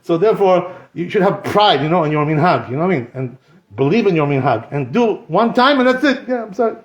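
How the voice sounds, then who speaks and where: A man teaching a Torah class as a rabbi, animated and joking, with many rhetorical questions. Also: high-pitched, quick pace. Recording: echoey room, slightly dull.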